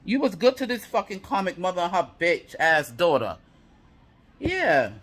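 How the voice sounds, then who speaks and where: A man's voice: high-pitched, sing-song, brisk, a bit bright. A man giving a tarot reading to viewers, heated and profane, piling up repeated affirmations. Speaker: tarot reader.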